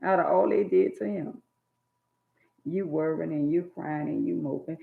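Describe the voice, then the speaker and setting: A woman's voice: low-pitched, a little slow, vocal fry, pauses often. A woman preaching life advice straight to her viewers in an emphatic, sermon-like monologue. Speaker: vlogger giving life advice. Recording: tinny phone-like sound in an echoey room.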